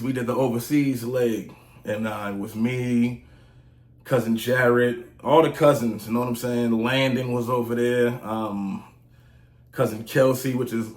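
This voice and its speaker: A man's voice: mid-range voice, little pitch movement, measured pace. A man in his forties telling stories in a casual vlog, loose and slangy, often saying "you know what I'm saying". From United States. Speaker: vlogger, music reviewer. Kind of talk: casual storytelling monologue. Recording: roomy echo.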